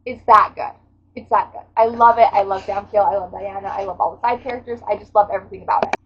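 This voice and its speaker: A woman's voice: mid-range voice, fairly even intonation, fast, breathy edge, highs cut off. A woman book vlogger giving a casual reading recap, gushing and dramatic and swearing freely.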